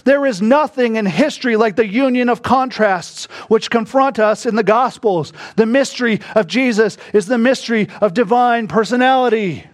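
A man preaching a sermon, moving between quiet, hushed reflection and sudden bursts of emphasis. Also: extremely high pitch. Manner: slow, reflective preaching that drops to a hush and rises to bursts of emphasis. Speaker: pastor.

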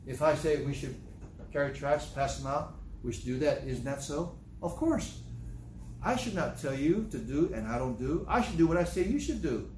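A man's voice: on the high side, lively intonation, moderate pace, darkish tone, reverberant, slight background noise, poor audio. A man preaching a sermon as pastor. He repeats phrases and breaks into sudden raised outbursts.

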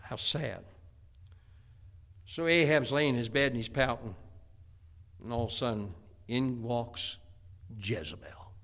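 Animated, bright-voiced male preacher. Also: medium pitch, a little slow, long pauses. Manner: animated storytelling preaching, acting out scripture characters. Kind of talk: sermon.

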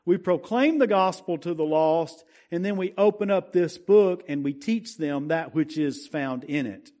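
Slow, high-voiced preacher. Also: male voice, warm tone. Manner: asks the congregation questions, slow emphatic scripture reading. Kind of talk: sermon.

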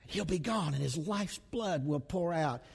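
A man preaching an expository sermon, dramatic and emphatic, repeating rhetorical questions, stretching out words and dropping to a hush. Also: a little high, expressive, a little slow, creaky, slightly rough, in a large hall.

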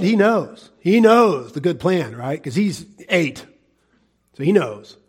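A pastor with a husky, mid-range voice preaches earnestly and pleadingly, swinging from loud exhortations to hushed asides and chuckling as he makes his points.

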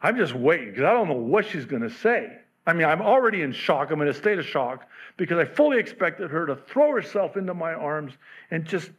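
A man's voice: fairly high pitch, sing-song, brisk, a bit bright, husky. A male pastor preaching a sermon in a candid, self-deprecating, humorous way.

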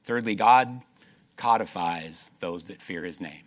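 A man preaching a sermon, moving between loud emphatic stretches and soft, slowed passages, repeating key phrases and asking the congregation rhetorical questions. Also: low voice.

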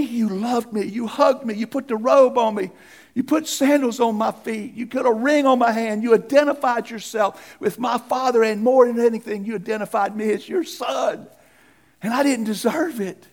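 A man preaching a sermon as pastor, swinging from shouts to hushed passages. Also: very high voice, gravelly.

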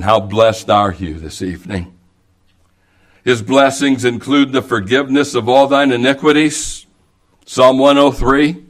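A man preaching an evangelical sermon, slow and emphatic, quoting King James scripture at length. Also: medium pitch, fairly bright tone.

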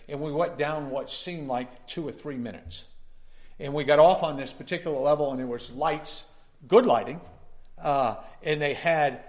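Man preaching a folksy sermon. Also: a little high. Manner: folksy storytelling, building to emphatic preaching. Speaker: pastor.

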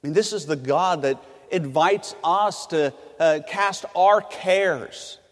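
A man from California delivers a sermon in a large campus hall. His voice sits a little high and carries a long reverb trail. He alternates loud, emphatic surges with soft, hushed phrases. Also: slow pace. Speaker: preacher.

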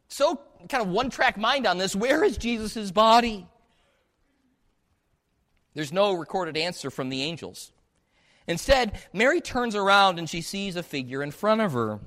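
Male pastor, slightly high voice, animated sermon storyteller. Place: church sanctuary. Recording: long hall reverb.

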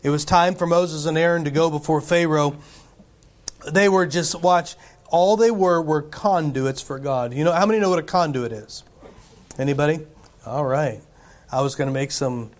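A man preaching a sermon in a church, talking conversationally with rhetorical questions, asides to the congregation, and frequent restarts and fillers. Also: on the high side. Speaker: pastor.

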